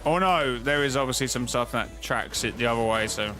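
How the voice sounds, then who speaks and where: A man's voice: medium pitch, a little fast, over music. A man streaming and chatting casually about game-lore theories, rambling, restarting himself and answering his chat. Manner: rambling, talks to chat, frequent restarts and self-corrections.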